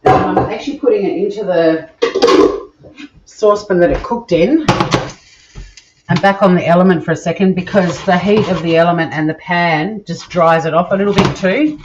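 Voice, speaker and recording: A woman's voice: on the low side, moderate pace, muffled recording, background noise. Bubbly Australian woman cooking live. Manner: bubbly, chatty, talks to viewers while cooking. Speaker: cooking show host. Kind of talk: live-streamed cooking chat. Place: home kitchen.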